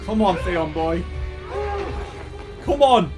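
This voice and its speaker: A man giving live reaction commentary, swearing often and crying out in excitement. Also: high-pitched, slow pace, music in the background. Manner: swears a lot, cries out in excitement. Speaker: video reactor.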